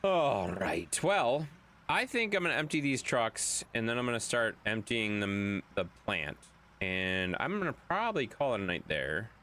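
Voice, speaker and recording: Chatty streamer man with a lively voice. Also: medium pitch, a little slow. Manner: chatty, reads chat aloud, swears for effect. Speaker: game streamer. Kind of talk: casual live-stream chat reading.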